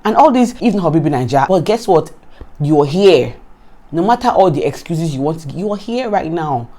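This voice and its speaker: A Nigerian woman vlogger recapping a reality show in casual, animated commentary, often exasperated and repeating herself. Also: low voice, moderate pace.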